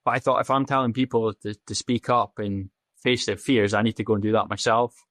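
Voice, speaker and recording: A man's voice: lowish voice, fairly even intonation, brisk, a bit bright, no room sound. A man, a podcast guest telling his story in candid, casual talk, blunt and full of swearing, acting out the dialogue he quotes. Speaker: podcast guest, safety officer.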